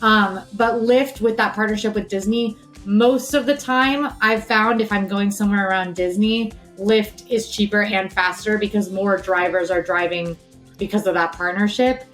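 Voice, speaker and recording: A woman's voice: medium pitch, fairly even intonation, normal speed, fairly bright tone, soft background music. A woman co-hosting a casual chat, explaining things at length with lots of fillers. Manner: chatty, explains at length with many "like"s and "um"s. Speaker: co-host.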